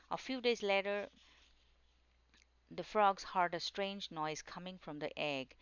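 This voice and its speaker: A woman narrating a children's storybook in a gentle, steady storytelling manner. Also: lowish voice, normal speed, clean tone, no echo, highs cut off.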